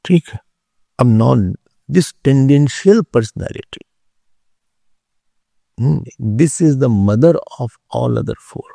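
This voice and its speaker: A man teaching a philosophy class, explaining slowly, repeating key terms and checking whether his listeners follow. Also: mid-range voice, expressive, creaky, dark tone, dry recording, clean studio sound. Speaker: spiritual teacher.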